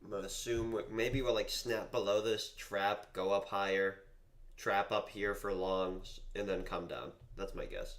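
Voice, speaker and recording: A man's voice: fairly low pitch, steady tone, unhurried, fairly bright tone. A young man from Massachusetts chatting casually on a live trading stream, rambling and joking at his own expense. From Massachusetts, USA. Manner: rambling, self-deprecating, joking.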